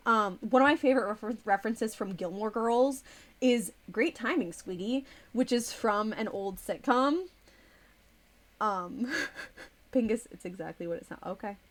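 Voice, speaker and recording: A woman's voice: mid-range voice, measured pace, long pauses. A woman streamer in casual live-stream chat, chatty and a little distracted as she reads chat aloud and types. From United States.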